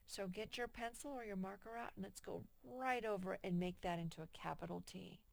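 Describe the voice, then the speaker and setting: A woman teaching a first grade worksheet lesson to young children, patient and slow, reading example sentences aloud with emphasis. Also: medium pitch, creaky, no echo.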